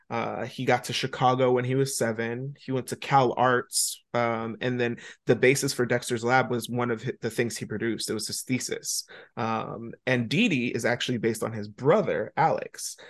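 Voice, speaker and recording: A man co-hosting a podcast in casual chat, rambling along with lots of ums and uhs. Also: medium pitch. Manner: chatty and rambling, with many fillers. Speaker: podcast co-host.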